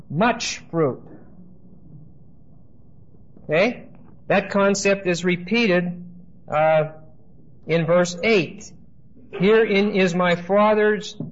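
Man teaching Bible verses, muffled recording. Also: on the high side. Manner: conversational teaching, frequent "okay?" checks, asides to congregation. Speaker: pastor. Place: church service.

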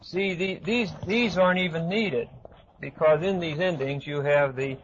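A man giving an expository Bible lecture to a class, pausing often with fillers and checking in with his listeners. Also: a little high, a little hiss or hum. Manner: hesitant with frequent uh fillers, asks class questions. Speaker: Bible teacher. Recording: dull lo-fi recording.

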